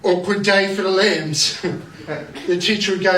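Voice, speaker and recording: A man's voice: high-pitched, little pitch movement, measured pace, bright, forceful tone. A man performing a rambling, crude stand-up comedy set on a club stage, full of self-mocking punchlines. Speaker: stand-up comic. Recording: echoey club, distant mic, crowd laughter. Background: laughing audience.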